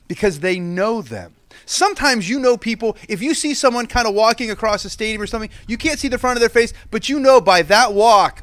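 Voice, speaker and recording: A man in his thirties, a pastor, giving a children's sermon at an outdoor church service and telling stories in a lively way. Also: high voice, brisk. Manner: lively storytelling with acted-out quotes.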